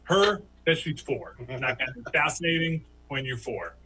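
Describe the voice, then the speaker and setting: A man doing a stand-up comedy story who laughs at his own tale and jumps into high, squeaky voices for the people he quotes. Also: lively intonation, normal speed, pushed and bright, slight background noise, low-quality recording. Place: home, virtual show.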